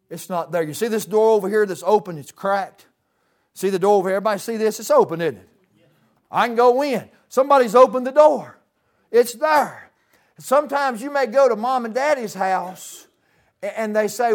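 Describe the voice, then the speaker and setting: A man preaching a sermon in a church, folksy, with dramatic swings from loud to hushed. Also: high-pitched.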